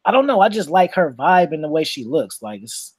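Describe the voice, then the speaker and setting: A man's voice: on the high side, big pitch swings, brisk, slightly rough, dry recording. A man co-hosting a casual, uncensored chat, talking in a boastful, profane, slick storytelling way. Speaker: podcast co-host.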